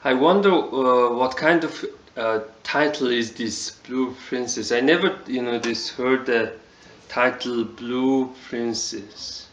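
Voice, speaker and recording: A man with a Mongolian accent giving a casual spoken review, halting and full of fillers. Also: medium pitch, fairly bright tone, roomy sound, muffled recording. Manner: halting, many fillers like "you know, this". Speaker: video reviewer.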